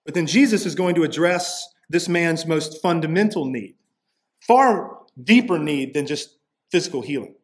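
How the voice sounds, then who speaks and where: A man's voice: on the high side, lively intonation, normal speed. A man preaching a sermon in a conversational way, often checking in with "right?" and acting out the people he quotes. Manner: conversational preaching, frequent "right?" asides, acts out quoted voices. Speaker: pastor.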